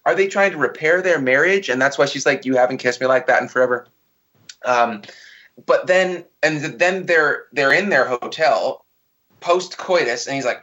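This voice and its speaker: A man's voice: fairly high pitch, lively intonation, brisk, pushed and bright, highs cut off. A man co-hosting a casual podcast, ranting profanely and mockingly about a bad movie. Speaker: podcast co-host. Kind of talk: casual movie review chat.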